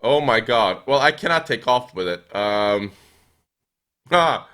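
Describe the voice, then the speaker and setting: A young man streaming a flight game, chatting with viewers and thinking aloud with lots of fillers, now and then breaking into excited yells. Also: medium pitch, takes it slowly, clean tone. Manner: reads and answers viewer chat while playing. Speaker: gaming streamer. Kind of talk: live gameplay commentary.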